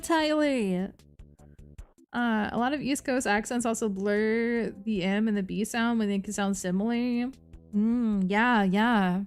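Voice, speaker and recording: A young woman streamer with a New Jersey accent chats loosely with her viewers, reading their comments aloud. Her voice sits a little on the high side, and she giggles a lot and swears freely. Soft music plays quietly under her talk. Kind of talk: casual live-stream chat, reading chat aloud. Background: faint background music.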